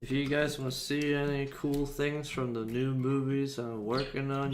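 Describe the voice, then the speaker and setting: A man's voice: medium pitch, little pitch movement, normal speed, few pauses, echoey room, soft background music. A young man co-hosting a livestream, chatting casually and rambling while he works on animation, laughing often. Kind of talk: casual chat while drawing.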